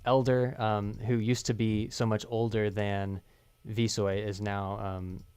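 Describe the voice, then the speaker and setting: A man's voice: lowish voice, level tone, slow, darkish tone, clean tone, no echo. Man, voice director, patient explaining, resonant, dry close sound. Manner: explains lines patiently, many fillers. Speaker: writer and voice director. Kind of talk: directing a voice recording session. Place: recording studio.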